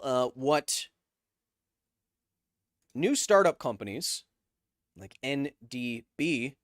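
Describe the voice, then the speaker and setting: A man's voice: medium pitch, no echo, clean studio sound. A man hosting a live stream, reading chat messages aloud with jokes and tangents while explaining science casually.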